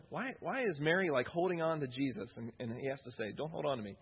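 A man's voice: on the high side, animated, quick pace, few pauses, husky, highs cut off. A man preaching a sermon in an earnest way, often repeating key phrases for emphasis.

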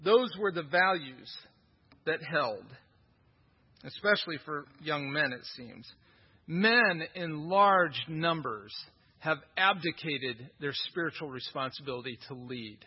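A man's voice: fairly high pitch, expressive, takes it slowly, slightly rough, muffled recording. A male pastor preaching a sermon in an emphatic style, with rhetorical questions and repetition.

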